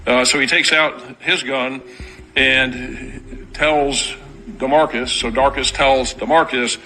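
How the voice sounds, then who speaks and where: A bright, forceful male voice delivers a formal press briefing at a podium microphone. He is matter-of-fact and methodical, slipping in dry, sarcastic asides. His pitch sits in the middle range for a man. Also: steady tone, unhurried, rough recording. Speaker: law enforcement spokesman at a press briefing.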